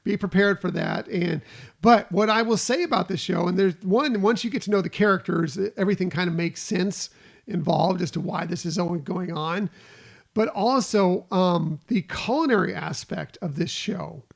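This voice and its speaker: A man co-hosting a podcast, chatting casually in a relaxed, rambling way with many fillers. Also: high voice, moderate pace, creaky. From Florida. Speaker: podcast co-host.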